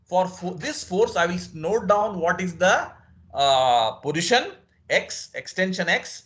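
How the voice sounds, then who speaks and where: A man's voice: high voice, expressive, takes it slowly, fairly bright tone. A male physics lecturer, teaching an online class and explaining each step over again with frequent "okay"s.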